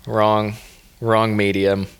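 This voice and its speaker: A man's voice: on the low side, monotone, extremely slow, clean tone. A man hosting a podcast as a comedian, chatting in a jokey, rambling, self-deprecating way. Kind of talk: casual podcast chat.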